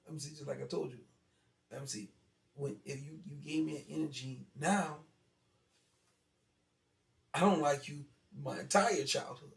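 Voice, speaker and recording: A man speaking as an interview guest, telling a childhood story in an animated way that turns loud when he gets worked up. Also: on the high side, moderate pace, vocal fry, pauses often. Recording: echoey room, far from mic, faint ambience.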